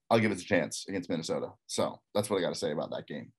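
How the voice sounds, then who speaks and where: Talking solo about his college football picks, this man from Texas has a low, slightly rough voice with a faint Texas accent. He's animated and very fast, barely pausing, rambling and repeating himself as he offers blunt views.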